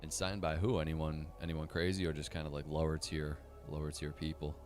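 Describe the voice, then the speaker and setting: A man's voice: a bass voice, little pitch movement, brisk, a little mellow, soft background music. A young man hosting a casual livestream, chatting in a laid-back, profane, slangy way and answering live chat comments. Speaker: livestream host.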